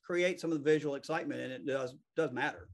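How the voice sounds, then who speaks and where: A man with a Southern US accent talks quickly and loosely, poking fun at himself as he goes. His voice sits a bit high for a man. He is a real estate attorney speaking as a guest over a video call. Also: gravelly. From American South. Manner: fast-talking, self-deprecating. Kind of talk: casual interview chat.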